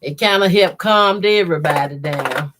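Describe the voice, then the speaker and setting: Over background noise, a middle-aged woman with a lowish, congested voice runs a sewing livestream at a moderate pace. As host of a quilting sew-along, she keeps the talk casual, laughs frequently, and reads viewer comments out loud.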